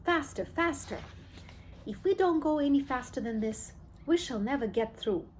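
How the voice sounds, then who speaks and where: A woman's voice: fairly high pitch, lively intonation, darkish tone, slight background noise. Woman doing a gushing, eccentric Mister Wonka. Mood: excited. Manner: gushing, brisk and theatrical. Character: eccentric cheerful male chocolate-maker. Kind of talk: audiobook character reading.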